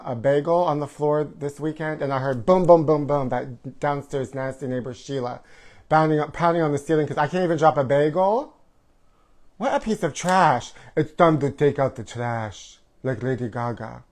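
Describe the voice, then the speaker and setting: A man hosting a live show, talking in a theatrical, gossipy way and jumping from topic to topic. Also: on the high side. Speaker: host of a live trash-talk show. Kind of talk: campy live-stream monologue. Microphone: forgot to put on his microphone.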